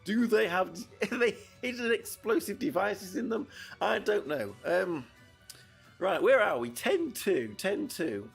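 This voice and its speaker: VTuber man, high husky voice, loose rambling game commentary. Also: sing-song, a little slow, soft background music. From United Kingdom. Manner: rambling, chatty, with frequent restarts. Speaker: VTuber streamer. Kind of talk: casual gameplay commentary.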